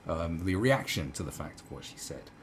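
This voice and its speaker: A man's voice: deep voice, lively intonation, normal speed, a little hiss or hum. A man giving rambling, sarcastic opinion commentary, full of fillers and asides.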